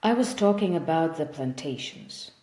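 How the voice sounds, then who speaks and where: A woman voicing a sad, gentle male vampire, centuries old, who speaks in a soft, measured, wistful way. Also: low voice, lively intonation. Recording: roomy echo.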